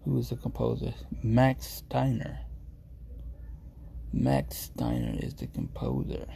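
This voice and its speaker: A man's voice: medium pitch, very animated, slow, gravelly, dark tone, a little hiss or hum. A man chatting casually to his viewers, rambling and easily distracted, full of slang and amused asides. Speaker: streamer reading reviews to viewers. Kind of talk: casual chat.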